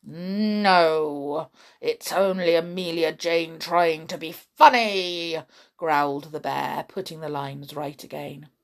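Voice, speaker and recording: Slow, expressive woman reading a children's story. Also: low-pitched, gravelly, breathy edge. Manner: slow, expressive, chatty asides.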